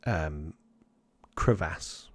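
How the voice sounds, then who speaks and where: A man's voice: extremely low pitch, extremely slow, a bit bright, no room sound. A man running a tabletop game as game master, narrating loosely and acting out side characters as he goes.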